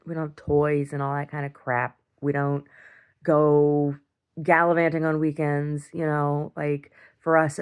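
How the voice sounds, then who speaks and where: A middle-aged woman venting in a casual video diary, blunt and exasperated, swearing and repeating herself. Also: sits low. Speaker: video diarist.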